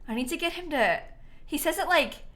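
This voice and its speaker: Giggly streamer woman with a lively voice. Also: high-pitched, a little fast. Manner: giggly, laughs often. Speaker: game streamer. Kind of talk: casual livestream chat.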